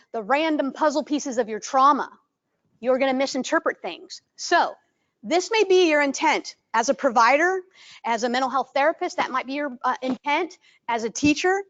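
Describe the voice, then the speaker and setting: Woman trainer, high voice, animated, frequent check-in questions, dull lo-fi sound. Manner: animated, acts out greetings in a bright voice. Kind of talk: live workshop presentation.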